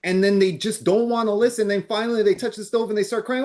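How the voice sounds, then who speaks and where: A man's voice: high-pitched, fairly even intonation, fast talker, a little mellow. A man co-hosting a real estate podcast, speaking bluntly and emphatically. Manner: blunt, emphatic, impatient with hesitant buyers. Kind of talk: casual podcast chat.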